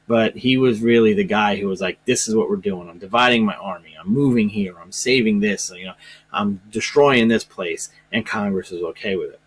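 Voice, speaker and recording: Husky-voiced man giving a rambling history lesson. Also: on the low side. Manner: rambling, hesitant, lots of fillers and restarts. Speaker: social studies teacher. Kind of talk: informal classroom lecture.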